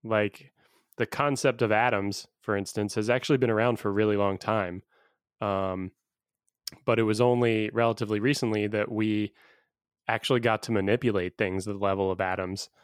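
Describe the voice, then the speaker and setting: A man's voice: lowish voice, fairly even intonation, normal speed, smooth, dry recording, studio quality. A man co-hosting a casual podcast chat, musing aloud and laughing often. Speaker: podcast co-host.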